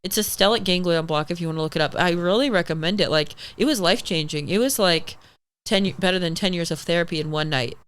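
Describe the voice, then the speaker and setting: A young woman guest on a podcast, telling a story in a casual, animated way, swearing freely and acting out what people said. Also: lowish voice, fast talker, clear, resonant tone. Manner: animated, swears freely, acts out quoted dialogue.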